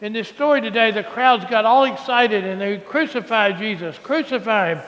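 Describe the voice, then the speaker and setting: A priest giving a lively, coaxing children's sermon in a large church. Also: male voice, high-pitched, moderate pace. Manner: animated and coaxing, with a Southern drawl. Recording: reverberant church hall, faint ambience.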